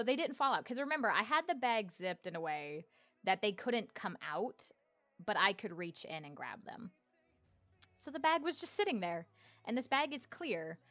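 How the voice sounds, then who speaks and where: A woman's voice: on the high side, no echo. A woman streamer telling a story in casual chat, laughing often and swearing freely.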